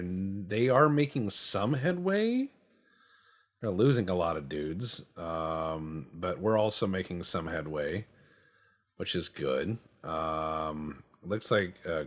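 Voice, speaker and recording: A man with a deep, husky voice riffs casually over his gameplay. He rambles from thought to thought, tossing in profane jokes and goofy boasts in a loose, unscripted way. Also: a bit bright. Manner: rambling, joking, profane banter. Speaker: game streamer.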